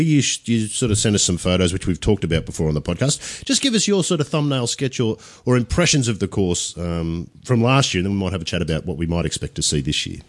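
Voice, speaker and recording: Podcast host guy, lowish voice that moves around a lot, tossing questions. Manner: prompting questions. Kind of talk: podcast interviewing.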